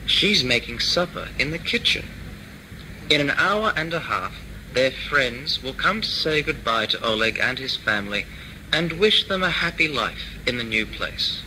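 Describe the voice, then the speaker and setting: A man reading an English lesson aloud in a slow, careful, scripted manner. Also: mid-range voice, animated, sharp tone, a little hiss or hum, rough recording. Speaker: lesson reader.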